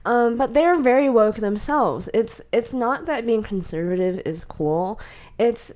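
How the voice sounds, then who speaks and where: A woman's voice: fairly high pitch, animated, unhurried, a little mellow. Giggly rambling woman podcaster. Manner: giggly, rambling, acts out quoted exchanges. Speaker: podcast co-host. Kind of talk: casual chat.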